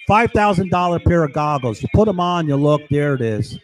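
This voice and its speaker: A man's voice: on the high side, expressive, brisk, soft background music, poor audio. A man delivering an agitated, rambling monologue to his camera, constantly asking "right?". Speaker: vlogger.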